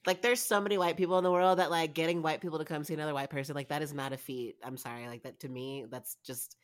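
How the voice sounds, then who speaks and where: A woman co-hosting a podcast in casual chat, blunt and profane, her sentences often trailing off quietly. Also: deep voice, steady tone, fast. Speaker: podcast co-host.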